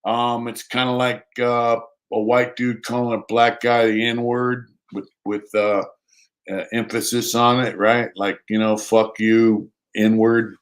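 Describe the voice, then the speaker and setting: A man's voice: mid-range voice, little pitch movement, slow pace. Rambling man chatting on a livestream. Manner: rambling, repeats himself, reads chat aloud; talks to his dog between thoughts. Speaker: livestream host. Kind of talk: casual livestream chat.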